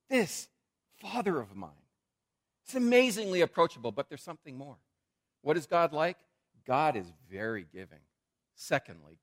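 A man preaching a sermon as a pastor, in a conversational, animated way with frequent repetitions. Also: a little high.

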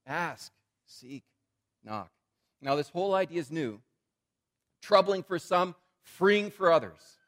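A man preaching a sermon as a pastor, in a conversational, animated way with frequent repetitions. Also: on the high side, slow, pauses often.

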